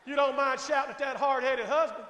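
Middle-aged pastor guy preaching, really high voice, goes from quiet asides to full-on shouting, big ringing church sound. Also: steady tone, fairly quick. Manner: swings from quiet asides to shouted preaching, repeating "is everybody all right". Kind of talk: sermon. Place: church sanctuary. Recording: echoey church hall with long reverb.

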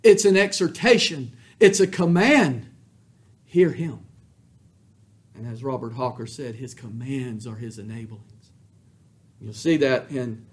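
A man preaching a sermon as pastor, fervent, swelling loud on emphatic lines and dropping soft on quiet ones. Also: mid-range voice.

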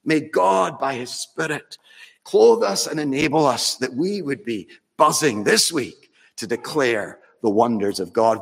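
A man's voice: medium pitch, vocal fry, slightly rough, big-room sound. A man preaching a sermon in a church, telling a story in a conversational way with fond humour.

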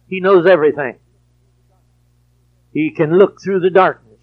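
High-voiced slow preacher man. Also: steady tone. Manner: preachy, swings from quiet to shouted emphasis. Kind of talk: sermon. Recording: dull lo-fi recording.

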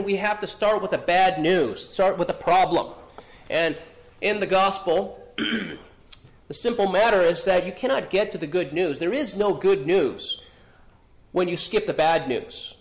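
Male pastor, high voice, earnest sermon delivery with restarts and throat-clearing. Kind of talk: expository sermon.

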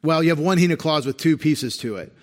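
Fairly high-pitched and fairly quick, a male pastor preaches expositorily, taking a patient, teacherly approach to Greek grammar while pointing things out on a screen.

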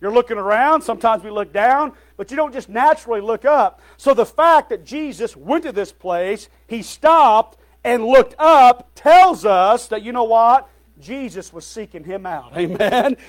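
A male pastor with a very high-pitched voice preaches to his congregation. He often calls out "Amen?" and "folks," and sometimes stumbles over his words.

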